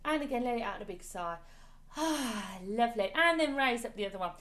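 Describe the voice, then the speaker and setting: Chatty woman leading a warm-up. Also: on the high side, expressive, brisk. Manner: chatty, encouraging, coaxing with repeated "lovely". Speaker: choir leader. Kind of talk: online singing warm-up class. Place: home, on a video call.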